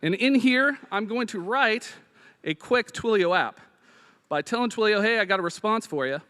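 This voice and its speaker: A man from Rhode Island giving a joking, excitable live coding demo on stage at a hackathon. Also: high-pitched, clean tone. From Providence, Rhode Island. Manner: joking, fast, excitable, frequent uh fillers.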